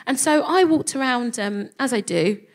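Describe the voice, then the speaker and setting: A woman's voice: on the high side, expressive, moderate pace. A woman telling a self-mocking comic story on stage, acting out the voices of the people in it. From England. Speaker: comedy podcast co-host. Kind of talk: stand-up storytelling before a live audience. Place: live venue stage.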